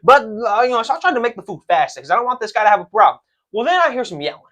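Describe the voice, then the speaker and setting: A young man co-hosting a casual podcast, telling stories with lots of swearing and animated outrage. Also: high-pitched, rapid-fire. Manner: profane, animated storytelling. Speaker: podcast co-host.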